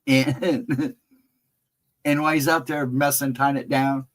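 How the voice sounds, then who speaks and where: A man hosting a laid-back livestream, chatting with viewers in an easy, conversational way. His voice sits at an ordinary middle pitch. He wanders through stories with small chuckles and restarts. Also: little pitch movement, takes it slowly, poor audio. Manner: rambling anecdotal storyteller, chuckling often. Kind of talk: casual livestream chat.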